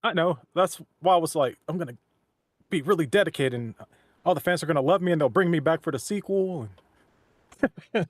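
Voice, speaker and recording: A man's voice: fairly high pitch, fairly quick, long pauses, dry recording, clean studio sound. A man chatting casually on a livestream, rambling and restarting his sentences often. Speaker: voice actor and stream co-host. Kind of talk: casual chat.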